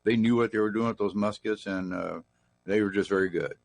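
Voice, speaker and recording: Man, middle-aged, lowish voice, folksy rambling storyteller. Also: steady tone, fairly quick, creaky, no echo. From Texas. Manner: rambling, folksy anecdotes with restarts. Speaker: guest. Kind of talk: casual storytelling in an interview.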